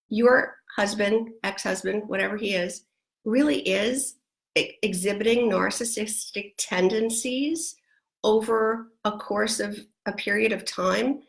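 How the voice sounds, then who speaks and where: A woman's voice: medium pitch, a bit bright. A middle-aged woman speaking as a divorce coach, giving emphatic, repetitive advice straight to the viewer. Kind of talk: direct-to-camera advice talk.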